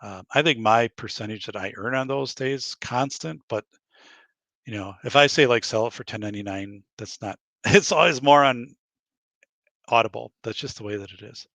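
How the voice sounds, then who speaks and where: Gravelly-voiced man rambling on a podcast. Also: mid-range voice, moderate pace, fairly bright tone, no echo. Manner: rambling, acts out quoted dialogue, laughs at own stories. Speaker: podcast host. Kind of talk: casual chat. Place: home podcast studio.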